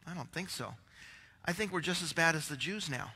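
A man's voice: fairly high pitch, animated, brisk, bright, forceful tone, slightly rough, long reverb tail. A male pastor preaching a rambling, conversational sermon, out of breath, with many restarts.

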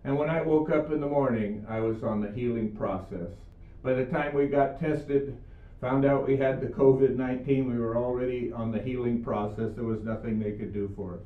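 An older male preacher speaks steadily in a mid-range voice and moderate pace. His earnest video sermon weaves Bible stories with his own healing story, and the audio is echoey, far-miked, and phone-like.

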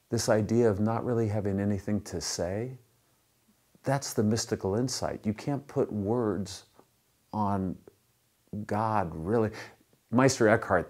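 A man with a fairly low voice preaches a sermon. His tone is conversational and relaxed, and he works lighthearted jokes into his teaching. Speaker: pastor.

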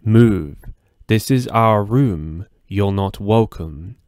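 A man voicing a creepy, possessive boy who speaks in a slow, flat, demonic monotone. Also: on the low side, no echo, studio quality. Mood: cold menacing.

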